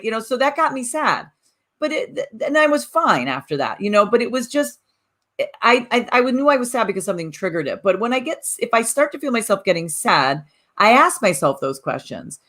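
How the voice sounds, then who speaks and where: A woman co-hosting a talk podcast in an animated, casual chat, often restarting her sentences. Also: on the high side, fairly quick. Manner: animated, repeats words when restarting. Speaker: podcast co-host.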